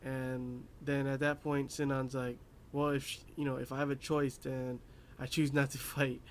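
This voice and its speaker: A man's voice: mid-range voice, flat delivery, moderate pace, slight background noise. A young man casually recapping an anime episode, rambling with lots of fillers and laughing at his own asides. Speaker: anime reviewer.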